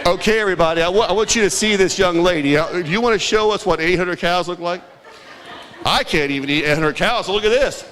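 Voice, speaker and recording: A man's voice: high-pitched, fast, fairly bright tone, a little hiss or hum. A man emceeing a trivia quiz at a community event in a large indoor hall, playful and joking with the crowd.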